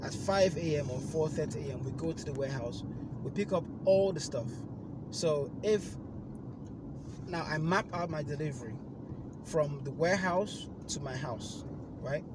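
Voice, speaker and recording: Animated man telling a story in a car. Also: normal speed. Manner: animated, bursts loud and high when acting out the phone call. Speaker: podcast host. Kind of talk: casual storytelling chat. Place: inside a car. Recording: car road noise behind.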